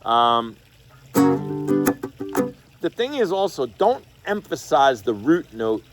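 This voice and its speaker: A man's voice: medium pitch, big pitch swings, takes it slowly. Chatty man teaching guitar. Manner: casual, chatty, scats rhythms while explaining. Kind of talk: online guitar lesson. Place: home studio over video call. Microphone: video call. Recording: loud guitar under the voice. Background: guitar playing.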